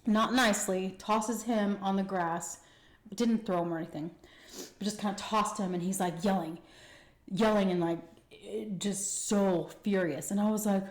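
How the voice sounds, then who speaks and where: A young woman telling a personal story casually while eating, animated and acting out the quotes. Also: medium pitch, normal speed. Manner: animated retelling with acted-out quotes. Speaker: mukbang storyteller. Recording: echoey room.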